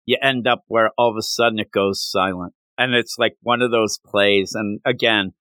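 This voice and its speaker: A man co-hosting a podcast in casual discussion, talking in an animated way and retelling scenes with lively jumps in pitch. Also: normal speed, no echo. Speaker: podcast co-host. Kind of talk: casual discussion of a manga chapter.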